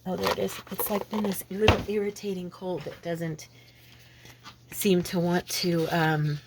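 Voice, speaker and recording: A woman's voice: lowish voice, flat delivery, a little slow, heavy background noise. A woman with a lingering head cold, chatting casually and rambling as she works on a craft project. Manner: chatty, rambling, self-deprecating. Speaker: craft channel host.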